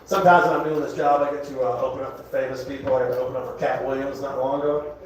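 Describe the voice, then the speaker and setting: A man's voice: medium pitch, steady tone, very fast, far from the mic, a little hiss or hum. A man with a Southern US accent doing a rambling stand-up comedy set, often laughing at his own jokes. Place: comedy club, indoors. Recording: echoey club room, live crowd.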